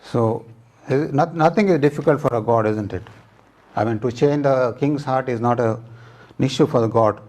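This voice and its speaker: A man preaching a sermon, explaining scripture step by step in plain, halting words with fillers. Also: medium pitch, a little mellow.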